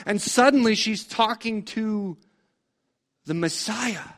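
A man's voice: high voice, measured pace, a bit bright. A man preaching a storytelling sermon in a conversational way, full of rhetorical questions.

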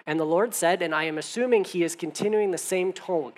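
A man's voice: fairly high pitch, brisk, few pauses. Conversational male preacher. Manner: conversational, animated when reading scripture aloud. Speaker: pastor. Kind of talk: sermon.

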